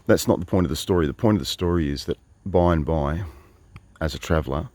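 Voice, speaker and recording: Australian man, 50s, very deep voice, casual wry storytelling, rambling asides. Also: quick pace, a little mellow, no echo. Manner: meandering, wry, full of asides and restarts. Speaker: travelling storyteller. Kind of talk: casual spoken monologue.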